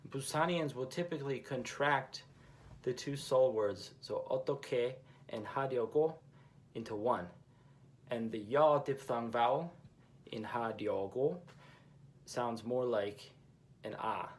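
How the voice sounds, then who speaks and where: A man's voice: medium pitch, moderate pace. A man teaching a language lesson who explains patiently and repeats each example phrase twice.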